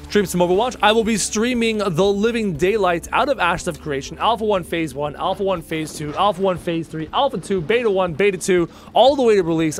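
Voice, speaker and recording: A man's voice: high-pitched, a little hiss or hum. A young man streaming a survival game live, chatting casually with viewers and joking as he plays. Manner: casual, joking, addresses chat as dude.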